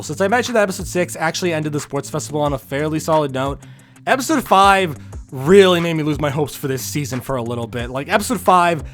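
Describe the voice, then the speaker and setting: A man giving a casual spoken review of an anime, earnest and repetitive, sighing and rising to exasperated outbursts. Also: on the high side. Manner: earnest, repeats himself, sighs, rising to exasperated bursts.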